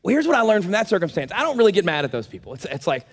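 Middle-aged guy preaching, funny storyteller, kinda high voice, lots of hall echo. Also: sing-song, racing, few pauses. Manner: humorous storytelling with acted asides. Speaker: pastor. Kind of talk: sermon. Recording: long hall reverb.

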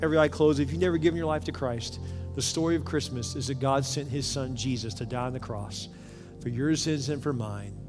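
A man preaching a sermon as pastor, telling a story earnestly and often dropping into soft, hushed passages. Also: mid-range voice. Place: church sanctuary with several campuses. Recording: long reverb of a large hall with music behind.

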